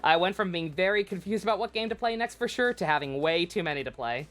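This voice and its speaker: A woman's voice: lowish voice, animated, fast talker, soft background music. A woman livestreaming a game, chatting casually in a rambling way with many restarts and frequent swearing. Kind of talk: casual gameplay commentary.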